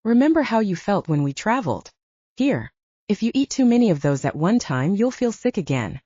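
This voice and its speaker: A woman voicing an easygoing young male barista who jokes and reassures in a relaxed way. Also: mid-range voice, normal speed, breathy edge, no room sound, dull audio, pitched above the performer's own voice. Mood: joking. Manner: relaxed, joking, protective.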